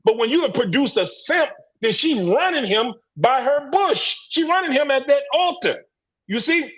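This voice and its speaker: A man's voice: very high voice, expressive, normal speed, fairly bright tone, rough recording. A man speaking in an impassioned group discussion on a livestream call, preachy and emphatic, repeating words and restarting his sentences. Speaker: panelist in a men's discussion group. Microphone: livestream video call.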